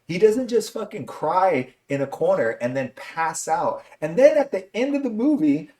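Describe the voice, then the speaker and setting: A man's voice: high-pitched, very animated, moderate pace, warm tone. A man hosting a podcast, ranting with exasperated profanity in a casual movie review chat. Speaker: podcast host.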